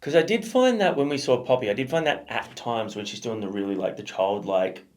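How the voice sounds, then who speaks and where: A man's voice: medium pitch, brisk. A man co-hosting a music reaction show, thinking aloud in a rambling, casual way with many fillers and restarts.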